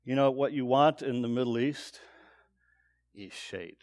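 Male preacher, mid-pitched voice, patient explanatory teaching that lifts for read-aloud verses. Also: measured pace, darkish tone. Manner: explanatory, reads verses aloud with lifted emphasis.

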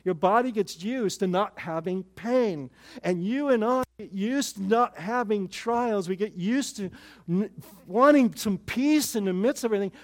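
Older male pastor, high-pitched, informal storytelling sermon with wry humor. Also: normal speed. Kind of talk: conversational sermon.

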